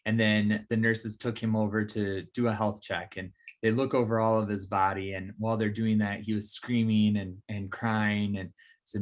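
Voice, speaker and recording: Low-voiced earnest father. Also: flat delivery, normal speed. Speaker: father telling a family story. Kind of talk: documentary interview storytelling.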